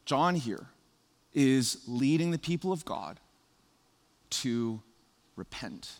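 A man preaching a sermon as pastor, animated and playful, laughing at his own jokes. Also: medium pitch, slow pace, big-room sound.

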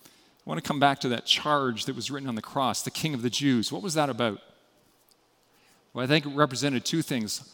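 A man preaching a sermon as pastor, earnest and often dropping to a quiet, intimate tone. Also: mid-range voice, a little fast. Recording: long hall reverb.

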